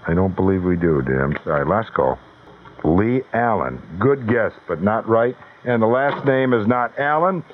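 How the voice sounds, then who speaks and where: A man hosting a live radio call-in contest, brisk and wisecracking as he fields callers one after another. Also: lowish voice, expressive, a little hiss or hum. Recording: tinny, narrowband old radio broadcast.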